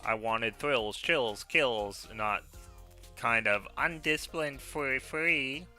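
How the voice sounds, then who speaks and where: Bright-voiced chatty male streamer. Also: mid-range voice, faint music behind. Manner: chatty, halting with fillers and restarts. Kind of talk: casual game commentary.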